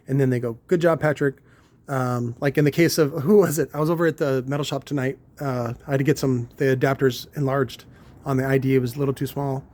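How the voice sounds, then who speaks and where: Rambling crude-joking man, slightly high voice. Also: a little mellow. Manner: crude, joking, meandering with many restarts. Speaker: car audio shop owner. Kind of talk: rambling casual monologue.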